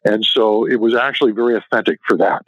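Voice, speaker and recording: A man's voice: fairly low pitch, fairly even intonation, quick pace, no echo. A man guest telling detailed, anecdote-filled stories in an interview. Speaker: author guest. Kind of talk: interview answers. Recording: dull lo-fi dry recording.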